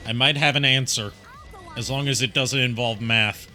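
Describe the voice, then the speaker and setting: A man's voice: medium pitch, fairly even intonation, moderate pace, pushed and bright, soft background music. A man chatting casually on a game stream, rambling through his points, swearing freely and laughing at his own jokes. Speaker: stream guest.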